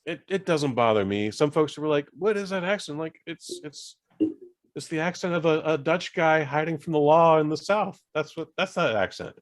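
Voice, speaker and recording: A man's voice: a little high, normal speed. A man casually reviewing a film on a podcast, rambling and jokey, with frequent profanity and restarts. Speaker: podcast co-host reviewing films.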